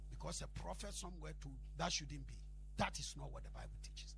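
A pastor preaching in a bright, forceful, fairly high voice with a gravelly edge. He tells his story in Twi and English and builds to emphatic peaks. A faint hum sits under the recording. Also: big pitch swings, brisk. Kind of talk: sermon.

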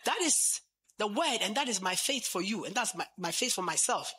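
A man's voice: high voice, animated, moderate pace. A man preaching fervently and leading a church in prayer, chanting and speaking in tongues. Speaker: pastor. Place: church service. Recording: loud music behind the voice.

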